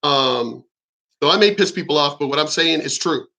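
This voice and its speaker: A man's voice: a little high, lively intonation, moderate pace, gravelly, pushed and bright. A man from Virginia ranting in a casual vlog monologue, rambling and swearing heatedly. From Virginia, USA. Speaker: vlogger.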